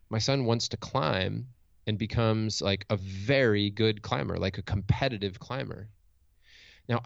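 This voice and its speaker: Middle-aged male coach, low gravelly voice, reflective and earnest, dry lo-fi sound. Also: no room sound. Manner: reflective, earnest, with frequent restarts. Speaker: motivational speaker and coach. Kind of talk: storytelling in conversation. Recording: dull lo-fi dry recording.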